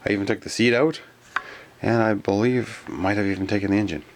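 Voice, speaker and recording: A man from Canada chatting casually in a toy collector vlog, rambling and grumbling, sometimes whispering names in a drawn-out way. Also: on the low side, steady tone, a little hiss or hum. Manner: rambling and complaining, with stretched-out whispered echoes of names. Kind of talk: casual toy review chat.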